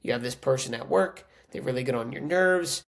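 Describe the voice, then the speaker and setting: A man speaks as a podcast coach in a casual, earnest monologue. His voice sits at a middle pitch with a gravelly, creaky edge. He keeps it conversational, often tagging lines with a quick question to the listener. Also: a bit bright. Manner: earnest, conversational, frequent "right?" tags.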